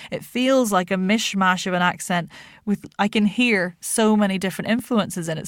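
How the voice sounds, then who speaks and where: A woman who is a voice actor and accent coach, chatting as a podcast guest in an animated way, laughing often and using many fillers. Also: medium pitch, no echo, clean studio sound. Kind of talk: casual interview chat.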